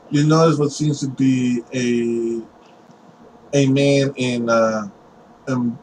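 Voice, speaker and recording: A man's voice: medium pitch, slight background noise, low-quality recording. A man narrating as game master of a tabletop game, rambling with frequent fillers.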